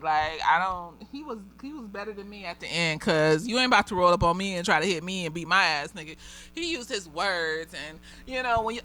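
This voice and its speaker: A slightly tipsy woman therapist giving a casual, profane review with lots of giggling and animated storytelling. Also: mid-range voice, a little hiss or hum.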